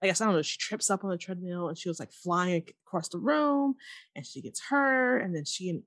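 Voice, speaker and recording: This podcast co-host, a woman with a fairly low pitch, walks through a TV episode in a relaxed chat, slipping into quick, lively impressions of the characters' lines. The recording is dry and studio quality.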